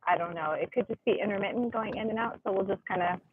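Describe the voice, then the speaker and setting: A woman's voice: medium pitch, quick pace, a little hiss or hum. A woman interviewing a guest over a video call, asking questions casually with hesitant fillers. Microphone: video call microphone. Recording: tinny video-call audio.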